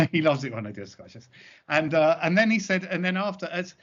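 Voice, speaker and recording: A male comedy performer giving interview answers as an animated, rambling storyteller. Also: fairly high pitch, fast talker. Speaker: comedy double-act performer. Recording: dull lo-fi recording.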